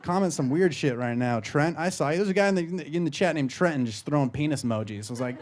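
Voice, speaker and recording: A man's voice: animated, quick pace, few pauses, slight background noise. Brash, profane male stand-up comic. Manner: brash, profane, jumps into loud high-pitched voices for bits. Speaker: stand-up comedian. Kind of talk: stand-up comedy set. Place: live comedy show. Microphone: handheld stage microphone.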